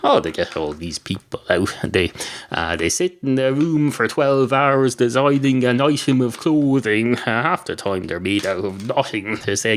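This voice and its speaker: A man's voice: mid-range voice, animated, moderate pace. A man with an Irish accent, hosting a podcast with a rambling comic monologue that keeps interrupting itself. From Ireland. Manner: meandering, self-interrupting, puts on voices for jokes. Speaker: podcast host.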